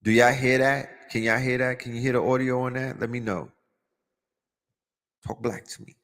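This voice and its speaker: A man hosting a podcast, giving animated, profane commentary in street slang. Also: mid-range voice, moderate pace, long reverb tail, faint music behind. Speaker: podcast host. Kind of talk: casual conspiracy commentary.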